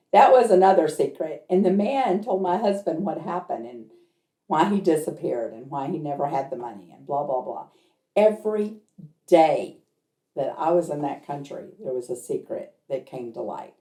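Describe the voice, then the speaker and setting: A woman's voice: sits low, lively intonation, moderate pace, dark tone. A woman who works as a medium tells a personal story in a chatty way and acts out the people in it. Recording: roomy echo.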